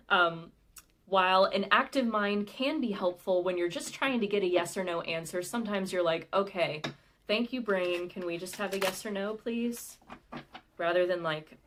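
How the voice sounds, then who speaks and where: A woman giving a live tarot reading in a relaxed, conversational way. She speaks in a slightly low voice and often pauses on soft fillers as she follows her intuition. The delivery is gentle and friendly. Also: a little hiss or hum. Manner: chatty, gentle and intuitive, with frequent "like" and "um". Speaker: tarot card reader. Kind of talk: live pick-a-card reading.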